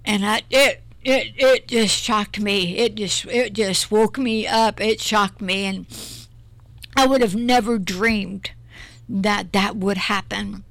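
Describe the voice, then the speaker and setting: A woman's voice: medium pitch, slow pace, vocal fry, fairly bright tone, no room sound. A middle-aged woman minister giving an earnest, emotional personal testimony in an interview, often repeating herself.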